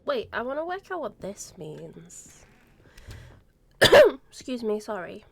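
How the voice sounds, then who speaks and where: A woman's voice: fairly high pitch, very animated, slow pace, vocal fry. A woman streamer chatting casually during a game in a rambling, giggly way. She sits far from the mic. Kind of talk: casual gaming chat.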